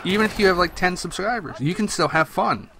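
A man's voice: high voice, animated, fairly quick, gravelly, noisy background. A man giving casual, rambling gameplay commentary, chatty and swearing freely. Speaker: gaming commentator.

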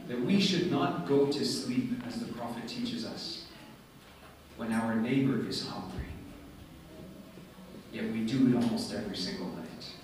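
A man's voice: on the low side, measured pace, long pauses, a little mellow, a little hiss or hum. A man giving an earnest, story-driven speech at a community event in a large mosque hall. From Canada. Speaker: guest speaker. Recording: echoey hall heard from far off.

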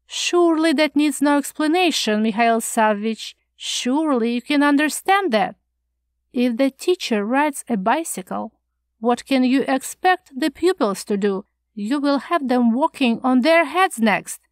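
A woman's voice: high-pitched, animated, a little slow, no echo, studio quality. A woman reading the part of an anxious, prim older male schoolmaster who frets and lectures in a scandalized tone. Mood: fretful lecturing.

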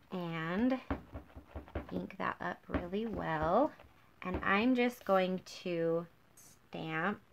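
Woman, craft tutorial host, upbeat, enthusiastic, young adult, medium pitch. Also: bright, forceful tone. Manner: upbeat, gushing. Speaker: craft demonstrator. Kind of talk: card-making tutorial.

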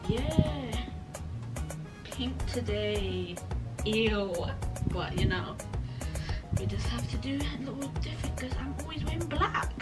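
A woman's voice: on the high side, animated, takes it slowly, long pauses. A woman, chatting casually to camera in a playful, teasing, self-mocking way. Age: early 20s. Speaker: vlogger. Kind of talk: casual vlog chat to camera. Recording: background music clearly audible.

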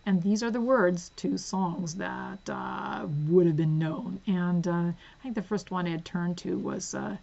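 A woman hosting a casual book haul vlog at home, chatty and giggly, dropping to soft asides as she reads the spines. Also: lowish voice, steady tone, measured pace, creaky, few pauses, muffled recording. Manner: chatty, giggly, drifts into soft whispers while reading spines. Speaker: book vlogger.

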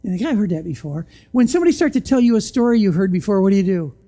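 In a sing-song voice and at a very fast pace, a pastor preaches a sermon in church. He shoots off rhetorical questions, sometimes sinking into a quiet, low voice to press a point.

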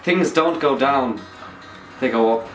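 A young man voicing a cheery male Irish local in a put-on Irish accent, sing-song and slow. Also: mid-range voice, lightly acted. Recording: roomy, mic at a distance, music.

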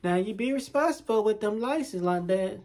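A man's voice: high voice, expressive, normal speed, darkish tone, pitched above the performer's own voice. A man voicing a stern older mother who lectures her son, repeating the same warning over and over. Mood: scolding. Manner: repetitive, scolding.

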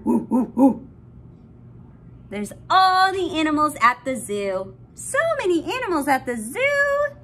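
A woman hosting a children's story time, reading a picture book aloud to a baby in a gentle sing-song voice with delighted gasps. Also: high-pitched, a little hiss or hum.

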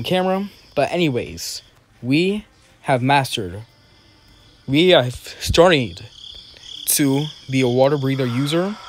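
A young man giving casual, excitable gameplay commentary, talking to himself in slang as he plays. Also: medium pitch, a little hiss or hum, poor audio. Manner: excitable, talks to himself while playing, slangy. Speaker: gaming video creator. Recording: loud game music behind the voice.

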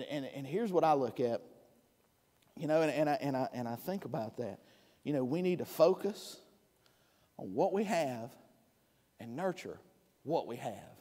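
Casting: male preacher, slightly high voice, folksy and conversational, church reverb. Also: a little mellow. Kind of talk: sermon. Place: church sanctuary.

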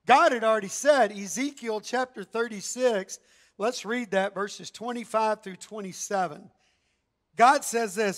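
A man preaching a sermon in an animated, emphatic, conversational way. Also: sits high, unhurried.

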